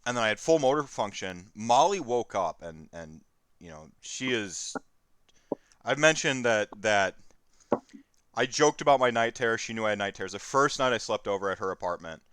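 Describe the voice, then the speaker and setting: A man in his thirties, a stream host, telling a candid personal story in a rambling, halting way with many fillers. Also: lowish voice, lively intonation, fairly bright tone, smooth, no echo.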